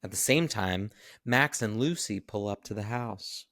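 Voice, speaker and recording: A man co-hosting a podcast, recapping a film in animated casual chat and swearing freely. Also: fairly low pitch, measured pace, no echo, studio quality. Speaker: podcast co-host.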